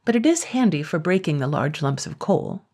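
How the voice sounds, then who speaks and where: A woman's voice: deep voice, big pitch swings, normal speed, a little mellow, heavily acted. Woman doing a trembling, timid blacksmith. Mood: frightened. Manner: trembling, stammering, polite. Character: timid grown man, a fearful blacksmith.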